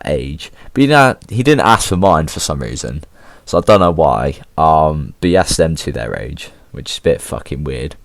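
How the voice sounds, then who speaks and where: English teen guy ranting about school, low voice, swears loads, chill and slangy, dead dry recording. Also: dry recording. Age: teens. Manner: slangy, swears a lot, laid-back. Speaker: vlogger. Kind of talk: casual storytelling.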